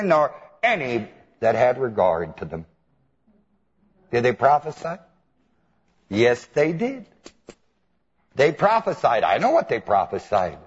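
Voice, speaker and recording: A man preaching a sermon, telling the story with animated mimicry and chuckles. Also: mid-range voice, slow pace, long pauses, slightly rough. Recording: dull old hall recording.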